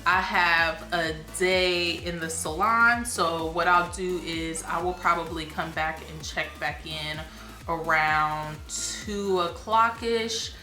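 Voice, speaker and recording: Young woman, beauty vlogger, rambling casual chat, bright tone, a little breathless. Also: lowish voice, steady tone, slow pace, echoey room, soft background music. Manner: chatty, rambling, laughs at herself.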